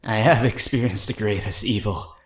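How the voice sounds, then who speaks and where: Man playing a haunted monk, low-voiced and fearful, solemn last-entry read with a roomy echo. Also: normal speed, natural voice. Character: terrified male monk writing his last journal entry. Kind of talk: dramatic story reading.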